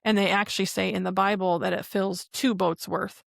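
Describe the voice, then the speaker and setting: A woman's voice: medium pitch, fairly even intonation, normal speed, creaky, no echo, clean studio sound. A woman co-hosting a podcast, casually recapping a TV episode scene by scene in a chatty, rambling way. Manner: chatty retelling with frequent "and then" links. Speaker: podcast co-host.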